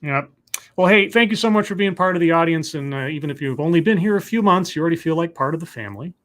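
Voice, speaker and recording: A man's voice: on the high side, expressive, fast talker, fairly bright tone. A man hosting a live call-in stream, chatting casually and joking, with lots of fillers and restarts. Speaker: livestream host.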